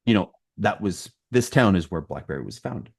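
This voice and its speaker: A man's voice: low voice, expressive, moderate pace, creaky, husky. A man hosting a podcast interview, telling his agency story with lots of "you know" and "um". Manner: storytelling, with many fillers and restarts. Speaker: podcast host and agency owner. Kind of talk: casual interview conversation.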